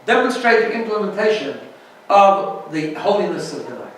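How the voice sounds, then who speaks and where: A man's voice: high-pitched, big pitch swings, normal speed, recorded from a distance, slight background noise. Chatty rabbi man in an echoey room. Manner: chatty, keeps asking "right?". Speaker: rabbi teaching a class. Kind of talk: informal Torah lesson.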